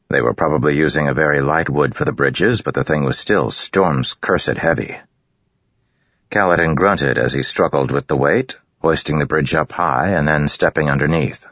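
A man narrating a fantasy audiobook in a steady, measured storytelling voice. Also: extremely low pitch, dry recording. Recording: dull lo-fi dry recording.

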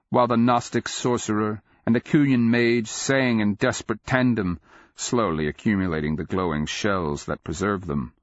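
A man reading a fantasy audiobook in a measured, grave storytelling manner that swells during battle scenes. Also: fairly low pitch, dry recording, highs cut off. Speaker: audiobook narrator. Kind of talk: dramatic fantasy audiobook narration.

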